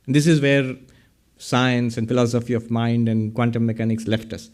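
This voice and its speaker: A man's voice: mid-range voice, level tone, normal speed, darkish tone. Man lecturing with rhetorical questions. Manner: explanatory, asks the audience rhetorical questions. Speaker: lecturer on Vedanta. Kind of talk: public lecture. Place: hall with a podium. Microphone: speaking at a podium.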